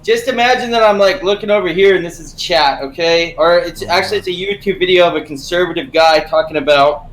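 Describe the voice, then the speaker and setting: Laid-back self-deprecating man, bright voice. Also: high-pitched, fairly quick, few pauses, reverberant, soft background music, rough recording. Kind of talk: casual chat.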